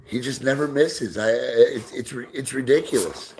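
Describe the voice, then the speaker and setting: A man hosting a casual live stream, reading out viewer comments, answering them, and talking softly to his dog while they play ball. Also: mid-range voice, a little slow, hardly any pauses, slight background noise. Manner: reads out and answers viewer comments, often drops into soft baby talk for his dog. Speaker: livestream host.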